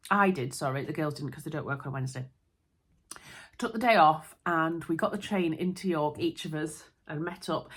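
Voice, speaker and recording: A woman with a Yorkshire accent chatting casually to camera as a sewing vlogger, giggly and often interrupting herself. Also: fairly low pitch. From Yorkshire, England.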